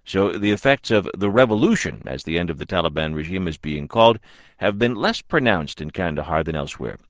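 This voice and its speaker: A male news anchor reading a scripted introduction in a deliberate, authoritative way. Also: sits low, expressive, no room sound, muffled recording. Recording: dry studio sound.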